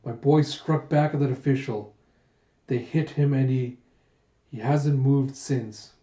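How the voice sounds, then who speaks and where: A grieving village father in a storybook reading, slow and halting in a mellow voice, as a man reads his lines. The sound is roomy. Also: medium pitch, fairly even intonation, lo-fi sound, lightly acted.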